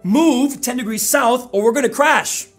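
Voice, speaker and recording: A man's voice: high voice, very fast, a bit bright, faint music behind. A man playing a proud, irritated male navy captain who demands to be obeyed.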